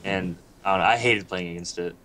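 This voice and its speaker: A man who is a guest on a casual panel chat, talking in a relaxed, hesitant way with many fillers. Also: low-pitched, brisk, a little hiss or hum. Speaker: guest player.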